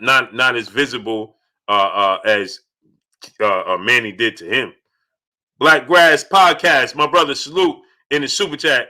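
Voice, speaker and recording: A man hosting a boxing talk livestream, giving animated commentary and giving shout-outs to viewers in the chat. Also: mid-range voice. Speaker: boxing talk show host. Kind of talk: livestream commentary reading out super chats.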